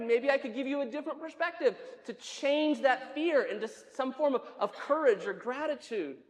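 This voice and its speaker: A man's voice: very high-pitched, lively intonation, normal speed, hardly any pauses. Guy pastor preaching, chatty, asks the room questions, lots of church echo. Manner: conversational, asks the congregation questions, wry asides. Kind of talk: sermon. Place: church sanctuary. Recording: long church reverb.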